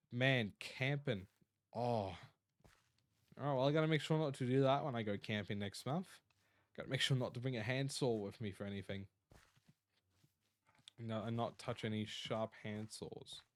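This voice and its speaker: A tired Australian man chatting casually on a live stream, rambling and reading out chat messages. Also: mid-range voice. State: tired, yawning.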